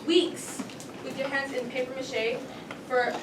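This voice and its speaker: A woman's voice: high-pitched, little pitch movement, unhurried. A woman narrating a stage play in the second person with dramatic, wry storytelling. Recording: echoey stage, far mic, loud noise.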